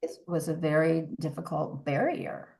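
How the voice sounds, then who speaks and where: A woman's voice: low voice, steady tone, moderate pace, gravelly, darkish tone. A woman in her sixties, a voice coach, talking earnestly and reflectively as a podcast guest, often restarting her sentences. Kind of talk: conversational interview.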